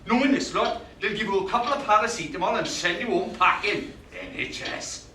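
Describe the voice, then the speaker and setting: Male actor as a gruff, swearing old grump, high and sharp, caught live from far off in an echoey theatre. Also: animated, brisk, a little hiss or hum. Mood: ranting. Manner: gruff, complaining, swearing, bossy. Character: cantankerous older British man in hospital waiting room. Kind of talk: live stage monologue. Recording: roomy live stage sound, distant mic.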